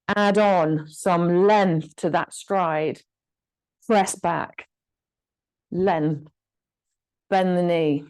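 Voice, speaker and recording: A woman leads a gentle exercise session at an unhurried, patient pace, breaking each movement into short spoken cues. Her voice sits at an ordinary middle pitch. She encourages the listener as she counts through each step. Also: low-quality recording. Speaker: fitness instructor. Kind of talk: guided exercise class.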